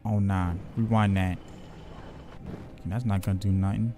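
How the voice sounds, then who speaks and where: A man's voice: low voice, fairly even intonation, a little slow, warm tone, faint music behind. A man streaming a video game, reacting in loose, slangy casual commentary. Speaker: gaming streamer.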